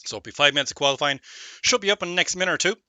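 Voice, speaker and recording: A man's voice: a little high, rapid-fire, bright, forceful tone, clear, resonant tone, no echo. A man hosting a live sim racing broadcast from home, trading jokey, upbeat banter with his co-commentators. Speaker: race broadcast host. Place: home setup on a remote call.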